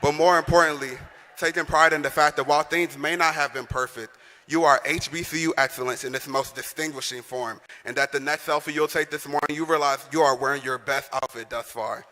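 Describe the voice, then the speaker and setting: A man's voice: a little high, steady tone, fairly quick, pushed and bright. A young man, the senior class president, gives a rousing commencement speech and calls on the crowd to answer back. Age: young adult. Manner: rousing, calls on the audience to respond. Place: large arena. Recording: long echo of a big arena.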